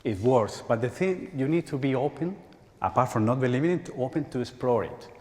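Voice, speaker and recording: A man in his forties with a Spanish accent, speaking English as a second language at a conference, halting and repeating words and laughing often. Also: medium pitch, expressive, a little mellow. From Spain. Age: 40s. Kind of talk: conference talk. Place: large church hall. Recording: hall reverb.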